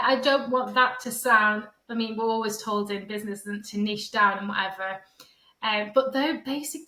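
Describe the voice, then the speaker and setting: A woman's voice: on the high side, pushed and bright, echoey room, rough recording. A middle-aged woman, chatting in a casual interview as a home coach, rambling and often tagging on "sort of thing". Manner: chatty, rambling, fond of "sort of thing", acts out quoted voices. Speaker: podcast guest, feng shui and decluttering coach.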